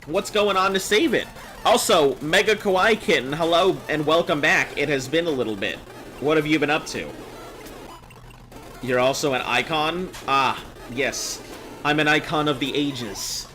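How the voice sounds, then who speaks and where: A man's voice: fairly high pitch, normal speed, pushed and bright, soft background music. A man streaming live, chatting casually with viewers, reading chat messages aloud and joking as he goes.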